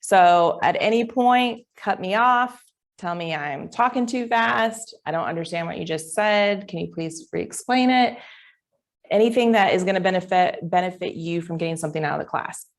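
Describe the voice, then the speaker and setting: A woman's voice: on the low side, moderate pace. A middle-aged woman teaching a live class in a chatty, informal way that rambles off track. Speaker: real estate instructor. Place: classroom with online attendees.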